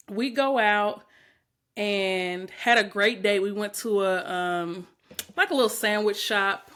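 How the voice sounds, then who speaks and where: A woman spins a dating story on a podcast in loose, profane, lively chat. She swears freely, laughs often and acts out the lines of everyone in the story. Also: medium pitch. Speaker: podcast host.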